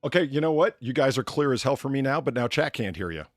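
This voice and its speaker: A man's voice: mid-range voice, expressive, fast, no room sound, clean studio sound, faint music behind. A man hosting a live stream, chatting casually, swearing and mocking himself while he fixes his audio setup. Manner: self-mocking, swearing, thinking aloud while fixing tech. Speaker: podcast host and streamer.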